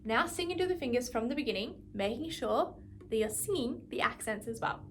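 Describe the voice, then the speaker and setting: A woman's voice: fairly high pitch, animated, a little fast, slight background noise. A woman music teacher giving an instrumental lesson, patiently explaining and counting beats aloud.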